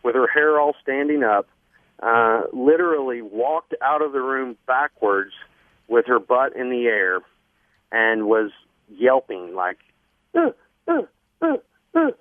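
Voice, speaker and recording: A man guest earnestly telling a long personal story on a radio show, halting often with fillers. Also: medium pitch, no echo. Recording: dry phone line.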